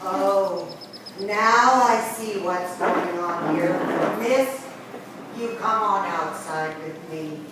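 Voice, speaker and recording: A woman plays a weary young policeman, pitched a little lower than her own voice. He speaks flatly and firmly, like someone done with repeat calls. Heard from a distance in an echoing room. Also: slow pace, close to an everyday voice. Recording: echoey room from a distance with background noise.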